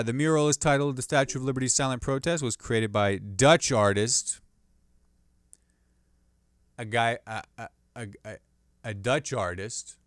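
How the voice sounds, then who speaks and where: A man hosting a comedy podcast, riffing on the news in a rambling, animated way and restarting jokes mid-sentence. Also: medium pitch, no echo, clean studio sound.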